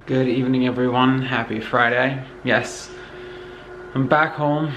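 Over music, a muffled recording captures a medium-pitched man with a Northeastern US accent speaking a little slowly. He wanders through his house filming a casual vlog, relaxed, tired and rambling, leaning on fillers. Congestion sits in his lungs, and he coughs now and then.

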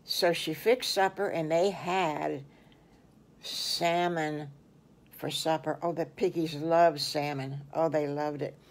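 Older woman, grandmotherly storyteller, very slow, lowish voice, folksy, bedtime-story telling. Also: darkish tone. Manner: folksy, exclaiming "oh my goodness gracious". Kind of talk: improvised children's story narration.

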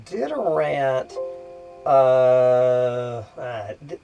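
A man's voice: medium pitch, slow, lo-fi sound, faint music behind. A man hosting a casual rant video, drawling and hesitant at first, then swearing in frustrated outbursts at his computer. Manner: drawling, hesitant with many fillers. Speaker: vlog host.

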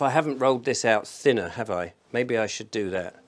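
Chatty self-mocking English man, low voice. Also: lively intonation, moderate pace, hardly any pauses, noisy background. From England. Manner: self-deprecating, chatty, thinking aloud. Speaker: vlogger. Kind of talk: casual cooking vlog. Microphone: microphone in a room.

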